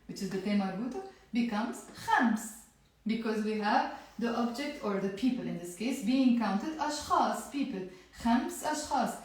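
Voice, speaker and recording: A woman teaching an online language lesson, energetic, drilling words and coaxing viewers to repeat. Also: on the high side. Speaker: Arabic teacher. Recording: very echoey room.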